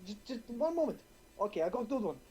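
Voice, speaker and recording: A woman's voice: a little high, big pitch swings, quick pace, dark tone, slight background noise, rough recording. A woman playing a tabletop game, trading playful mock insults in clipped, broken English. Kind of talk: casual game chat.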